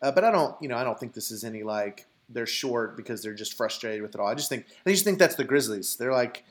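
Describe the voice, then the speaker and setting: A man co-hosting a sports podcast who thinks out loud as he goes. He circles back and restarts his sentences often, at a mid pitch, in an easygoing way. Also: lively intonation, quick pace. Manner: thinks aloud with many fillers and restarts. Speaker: podcast co-host. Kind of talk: casual sports chat.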